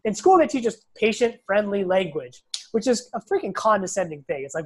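Blunt, animated man telling stories. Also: high voice, fairly quick, husky. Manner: blunt, animated storyteller who acts out quotes and swears. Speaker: guest, physical therapist. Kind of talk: casual podcast conversation.

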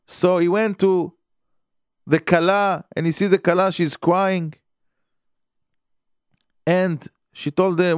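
A man tells a story as a sermon in earnest, halting English. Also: on the high side, fairly even intonation, no echo, clean studio sound.

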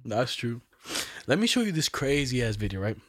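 A man's voice: medium pitch, very animated, moderate pace. A young man chatting casually, telling loose stories full of slang and laughing often. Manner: laid-back storytelling, heavy slang, laughs often. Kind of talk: casual chat.

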